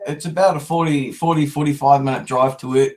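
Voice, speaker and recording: A man with a New Zealand accent talking in a loose, slangy live-stream chat. His voice sits a little high for a man, and he rambles easily and restarts sentences as he goes. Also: fairly even intonation, brisk, darkish tone, rough recording. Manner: laid-back, slangy and rambling, with many restarts.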